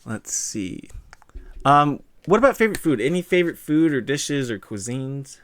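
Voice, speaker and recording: A man's voice: mid-range voice, sing-song, normal speed, a bit bright. Chatty middle-aged man hosting a stream. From California. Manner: chatty, rambling storyteller with frequent fillers. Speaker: streamer interview host. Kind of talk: casual chat.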